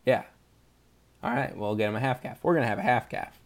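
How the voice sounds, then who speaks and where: A man's voice: mid-range voice, expressive, a little fast. A young man hosting a podcast, chatting casually, rambling through jokes and laughing often. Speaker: podcast host. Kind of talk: casual chat.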